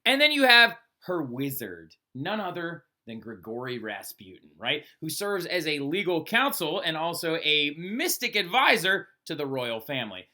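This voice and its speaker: Animated man lecturing. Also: on the high side, moderate pace, few pauses. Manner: lively, conversational, tags sentences with "right?". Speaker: history teacher. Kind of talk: recorded flipped-classroom lecture.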